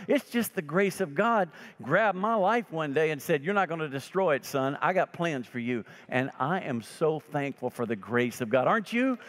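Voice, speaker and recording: A man's voice: a little high, expressive, normal speed, few pauses, some chatter behind. A man preaching a sermon as pastor, telling stories and voicing the people in them. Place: church sanctuary. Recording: long reverb of a church sanctuary.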